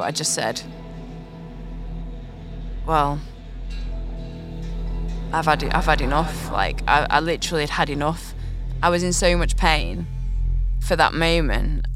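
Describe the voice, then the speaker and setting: A woman, recounting a personal experience on a podcast, earnest and reflective, often breaking into short nervous laughs. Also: sits low. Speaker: podcast host. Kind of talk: personal storytelling.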